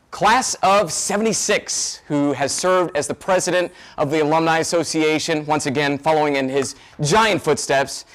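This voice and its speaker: A man's voice: fairly high pitch, a bit bright. A man hosting a virtual fundraising event, effusive and full of thanks. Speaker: event host.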